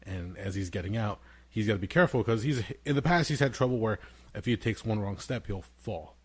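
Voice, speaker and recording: Lowish man telling animated stories. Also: fairly quick, breathy edge. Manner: animated storyteller, acts out his toddler son in a high voice. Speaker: podcast co-host. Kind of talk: casual chat, storytelling.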